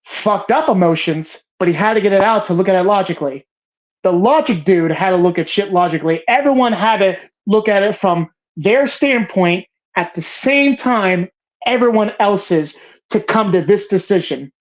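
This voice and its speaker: A woman's voice: medium pitch, expressive, moderate pace. A woman hosting a casual movie show, talking passionately with frequent swearing and restarts. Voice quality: emphatic, profane, rambling with restarts. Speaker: host of a movie bracket show. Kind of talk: casual, passionate film talk. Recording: slightly dull lo-fi sound.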